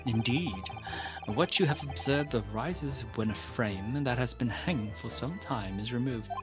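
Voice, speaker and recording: A woman's voice: extremely low pitch, measured pace. A woman voicing a pompous, eccentric male detective in a put-on British accent, over game music. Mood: grandiose. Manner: theatrical, grandiose.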